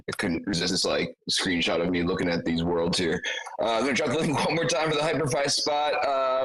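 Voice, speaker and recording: A man's voice: medium pitch, a bit bright, poor audio. A man hosting a casual livestream meetup, laid-back and slangy, thanking guests and rambling with many fillers. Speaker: host.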